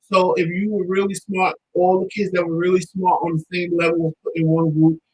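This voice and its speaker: Male talk show host with a high, slightly husky voice and a casual, emphatic delivery. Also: level tone, a little fast, low-quality recording. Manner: emphatic, repeats points for stress. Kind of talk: casual chat.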